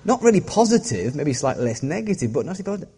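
A man's voice: a little high, sing-song, fast talker, warm tone. A middle-aged man preaching a sermon as a pastor, joking and self-deprecating as he talks. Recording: long hall reverb.

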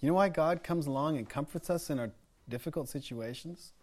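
A middle-aged American pastor from the United States preaches a sermon, sharing personal stories earnestly while often restarting and repeating words. His voice is fairly high and a little mellow, and he speaks fairly quickly.

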